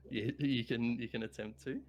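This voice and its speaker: A man narrating a tabletop game as game master, with a relaxed, chuckling narration. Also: medium pitch, slight background noise.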